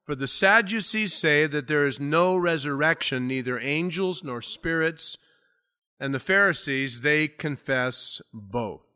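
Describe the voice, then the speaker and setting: A man's voice: a little high, expressive, a little slow, sharp tone, clear, resonant tone. A man preaching an expository sermon as pastor, explaining a Bible passage in a conversational way and lifting his voice when he reads scripture aloud. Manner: conversational Bible teaching with rising emphasis on scripture readings.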